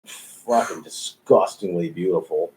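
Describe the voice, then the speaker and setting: A man's voice: low voice, a little slow, a little mellow, a little hiss or hum, rough recording. A man, a tattoo artist, telling stories in a laid-back way, swearing freely and laughing often. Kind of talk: casual storytelling. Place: tattoo shop.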